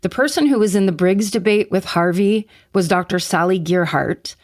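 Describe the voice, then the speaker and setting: A woman's voice: medium pitch, moderate pace, darkish tone. A woman with a Californian accent co-hosting a podcast, talking in an earnest, enthusiastic way. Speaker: podcast co-host. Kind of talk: casual chat.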